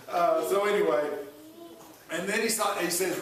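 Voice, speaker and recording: A man preaching in a slow, unhurried way with a slightly high voice, teasing his listeners between points. His words ring through a big echoey room, picked up from some distance with faint background noise. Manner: folksy, joking asides to the congregation. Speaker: pastor. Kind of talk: sermon.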